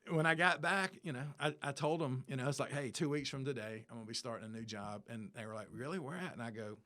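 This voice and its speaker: A man's voice: medium pitch, fast. A man in his fifties tells his story as an interview guest, in easy, casual talk. He acts out the people in it, dropping into their lines as he goes. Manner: animated storyteller, acts out dialogue.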